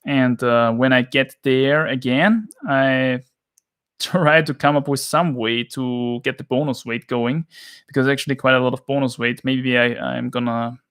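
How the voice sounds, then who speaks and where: A man from Austria with an Austrian accent, chatting casually on a livestream from his flat, emphatic and ranting, often tagging lines with "yeah?". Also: medium pitch, measured pace, clean tone. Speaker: livestream host. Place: home flat.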